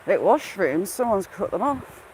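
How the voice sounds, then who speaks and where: A woman's voice: medium pitch, very animated, a little slow, a little mellow, rough recording. Woman vlogger, slightly breathless, casual live-stream chat on an outdoor walk, faint hiss behind. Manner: chatty, greets viewers by name. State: a bit out of breath. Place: outdoors on a woodland walk by water.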